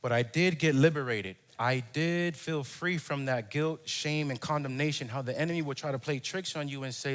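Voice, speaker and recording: A man's voice: fairly high pitch, normal speed, hardly any pauses, a bit bright. A man preaching a sermon, telling a personal story and acting out his own cries and prayers. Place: church.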